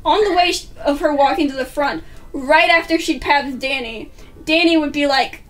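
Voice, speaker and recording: A high-pitched woman rattles through a casual storytime vlog, swearing freely and acting out what people said. She sits a little back from the mic, and faint music plays underneath. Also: animated, normal speed, recorded from a distance. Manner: chatty, swears casually, acts out quotes. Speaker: vlogger.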